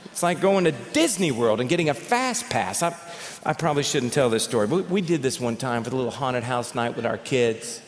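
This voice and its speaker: A man preaching a sermon as pastor, telling stories in an animated way and often repeating words as he goes. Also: mid-range voice, fairly quick. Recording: long reverb of a large hall.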